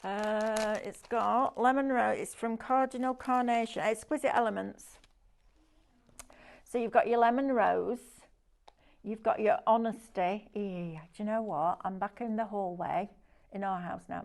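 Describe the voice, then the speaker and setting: A chatty woman hosts a live sales show, gushing over every item. Her voice sits at an ordinary middle pitch, and she keeps the patter flowing. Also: steady tone, measured pace, gravelly. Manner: chatty and gushing, constant product praise. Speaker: shopping channel presenter.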